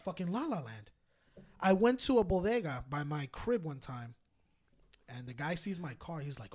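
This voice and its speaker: A young man co-hosting a podcast, telling a story in casual chat, animated and swearing, often laughing. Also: fairly high pitch, moderate pace. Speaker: podcast co-host.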